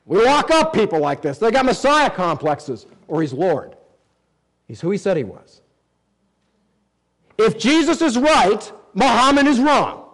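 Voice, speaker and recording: A man preaching a sermon, reading scripture aloud and swinging between emphatic rises and low, quiet drops. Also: big pitch swings, unhurried, pauses often, poor audio. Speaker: pastor.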